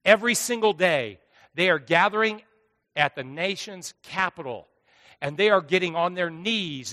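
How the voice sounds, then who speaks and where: A high, bright male pastor delivers a sermon, dropping to hushed asides and then rising to loud, driving lines. His voice carries a long hall reverb. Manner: preaching with sweeping swings between hushed and loud.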